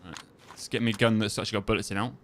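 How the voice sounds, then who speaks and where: A man's voice: fairly low pitch, steady tone, very fast, slight background noise. A young man talks through his game in a loose, chatty way. He rambles, circles back and repeats his phrases, sitting close to his headset mic. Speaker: streamer. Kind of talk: casual gameplay commentary and chat.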